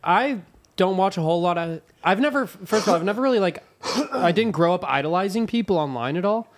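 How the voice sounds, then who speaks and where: A man's voice: high-pitched, lively intonation, brisk, a little hiss or hum. A man co-hosting a podcast, speaking in a thoughtful, hesitant way in casual chat. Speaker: podcast co-host.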